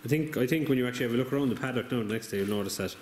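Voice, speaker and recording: A man's voice: mid-range voice, rapid-fire. Teasing Irish man in an echoey garage. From Ireland. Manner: teasing, jokey, laughs often. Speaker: co-host filming the build. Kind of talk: casual banter. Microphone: handheld camera mic. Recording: echoey garage, background noise.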